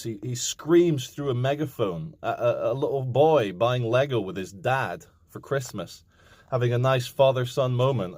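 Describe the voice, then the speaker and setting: A man's voice: mid-range voice, a little mellow, no echo. A man in his thirties rants casually to his camera, swearing and slipping into mocking impressions. His voice sits in a middle register. The sound is close and completely dry. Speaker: vlogger.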